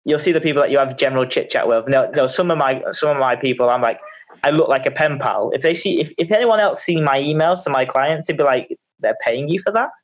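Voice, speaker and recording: A man, an online fitness coach, chatting casually on a podcast in an animated, rambling way with many restarts. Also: medium pitch, fast. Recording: slightly muffled audio.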